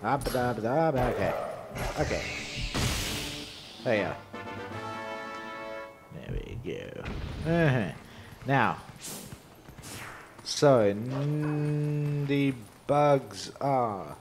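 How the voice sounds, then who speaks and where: A man gives casual, half-muttered commentary while playing a video game, talking to himself and throwing in jokes. His voice sits at an ordinary mid pitch, with faint game music playing behind him. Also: animated, extremely slow, pauses often. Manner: mumbling to himself, joking. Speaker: let's play host.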